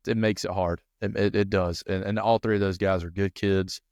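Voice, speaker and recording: A man's voice: sits low, fairly even intonation, normal speed, darkish tone, dry recording, clean studio sound. Rambling man telling football stories. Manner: rambling storyteller with many restarts and fillers. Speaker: football coach and podcast co-host. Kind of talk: casual podcast chat.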